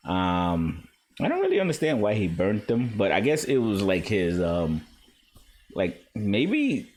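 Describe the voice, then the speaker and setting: A man's voice: fairly low pitch, a little mellow. A man casually reviewing manga from his home basement, rambling and opinionated with lots of fillers.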